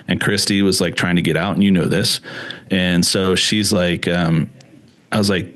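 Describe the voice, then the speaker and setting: A man's voice: low-pitched, steady tone, normal speed. A man telling a long story as a podcast guest in casual chat, with many fillers and restarts. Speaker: guest, screen print shop owner.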